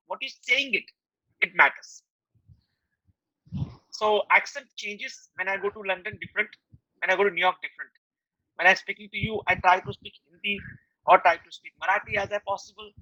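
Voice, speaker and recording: A man's voice: high-pitched, sharp tone, no echo, low-quality recording. A middle-aged Indian man with an Indian accent, an advertising guest speaker talking earnestly to art students in simple, plain English. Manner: earnest, advising, simple non-native English phrasing.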